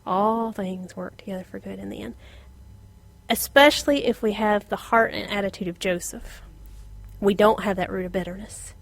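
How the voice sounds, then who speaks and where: A middle-aged woman teaching an informal Bible lesson, animated, laughing often and dropping to a whisper for emphasis. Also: medium pitch, normal speed, creaky.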